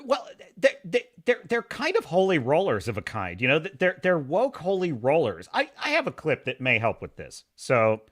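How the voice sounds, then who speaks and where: Sarcastic guy on a live stream, bright voice, pitch all over the place. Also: normal speed, few pauses. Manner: animated, sarcastic, reads chat aloud. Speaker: podcast host.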